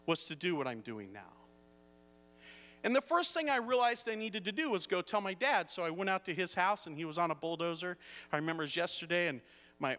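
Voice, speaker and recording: Bright-voiced preacher in a reverberant hall. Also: male voice, on the high side. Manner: storytelling, rising to emphatic preaching. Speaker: pastor. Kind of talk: sermon. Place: church hall.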